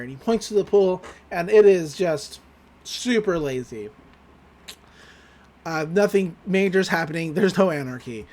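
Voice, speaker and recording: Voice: medium pitch, expressive, a little slow, darkish tone. A podcast host recapping a cartoon episode in a casual, rambling, amused way.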